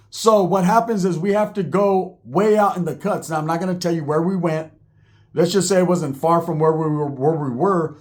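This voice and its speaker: A man telling a wild personal story in casual, profane, slang-filled talk, acting out the people he quotes. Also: high voice.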